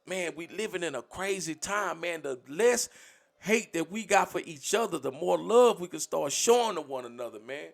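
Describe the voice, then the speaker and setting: A man's voice: fairly high pitch, expressive, normal speed, creaky. A man on a livestream, speaking bluntly and profanely, lecturing his community in a preachy rant.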